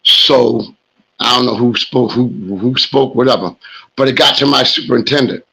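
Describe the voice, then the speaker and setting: Middle-aged New man, hoarse and gravelly, rambling sports host monologue. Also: medium pitch, steady tone, moderate pace, pushed and bright, a little hiss or hum, rough recording. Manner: rambling storyteller, talks smack. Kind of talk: casual monologue.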